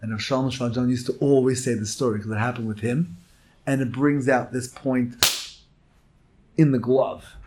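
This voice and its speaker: A man teaching a Torah lecture as a rabbi, emphatic and swinging between hushed and loud phrases. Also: mid-range voice, steady tone, a little hiss or hum. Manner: slow, drawn-out emphasis.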